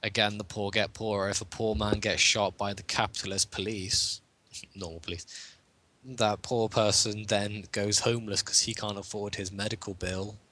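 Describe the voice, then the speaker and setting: A man's voice: lowish voice, flat delivery, moderate pace, pushed and bright. A man co-hosting a podcast in a casual, joking chat, rambling along with frequent chuckles. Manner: rambling, jokey, chuckles often. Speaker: podcast co-host.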